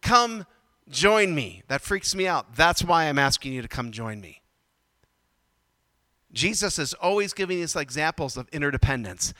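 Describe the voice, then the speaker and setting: A man preaching a sermon, swinging from loud emphatic bursts to quiet low asides. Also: big pitch swings, normal speed, dry recording, in a large hall. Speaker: pastor.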